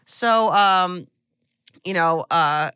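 Chatty woman podcast host, bright voice, dry close sound, lots of likes and ums. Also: lowish voice, drawn-out words, clean tone, no room sound. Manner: chatty, animated, many fillers and asides. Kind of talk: casual film recap chat.

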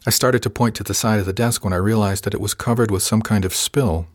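Low-voiced male audiobook narrator. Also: fairly even intonation, fast, dry recording, studio quality. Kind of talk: first-person scripted narration.

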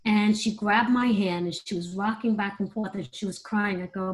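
A woman's voice: mid-range voice, steady tone, normal speed, few pauses, poor audio. A middle-aged woman, a performer, telling emotional personal stories in a candid, conversational interview. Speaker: guest, performer.

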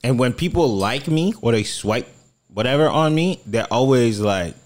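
A man's voice: mid-range voice, animated, normal speed. A man from South Florida telling dating stories in casual chat, acting out the quotes in shifting voices.

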